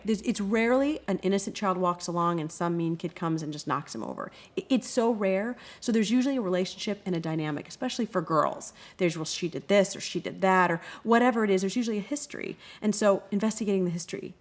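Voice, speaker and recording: A woman who runs anti-bullying workshops, answering interview questions in an expressive way and often acting out quoted voices. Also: mid-range voice, fast, hardly any pauses. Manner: expressive, acts out quoted kids and parents.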